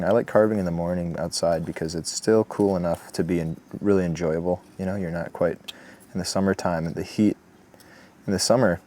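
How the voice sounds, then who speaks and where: A man talking through a woodcarving tutorial outdoors in a relaxed, chatty way, with asides. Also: sits low, a little hiss or hum. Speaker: woodcarving instructor. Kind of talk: step-by-step tutorial narration. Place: outdoors in the morning.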